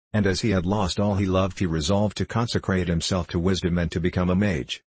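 A man reading a story aloud as an audiobook narrator, in a steady, even storytelling manner. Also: sits low, a little fast, few pauses, slightly rough, rough recording. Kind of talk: scripted narration.

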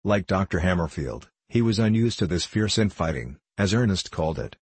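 A man reading a novel aloud in a steady, measured narration. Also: deep voice, husky, no echo. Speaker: audiobook narrator. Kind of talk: scripted narration.

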